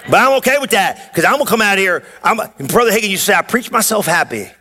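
A man preaching as a pastor, with energetic call-and-response delivery and many rhetorical questions. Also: high-pitched, quick pace. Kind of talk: sermon.

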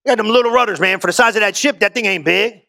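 High bright-voiced preacher man, slangy. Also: rapid-fire, vocal fry. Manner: casual, slangy preaching with call-and-response questions. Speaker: pastor. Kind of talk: sermon.

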